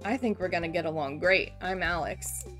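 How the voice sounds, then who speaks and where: A woman's voice: fairly low pitch, moderate pace, a bit bright, soft background music, lightly acted. A woman reading a cocky young male athlete in her own voice, breezy and overconfident.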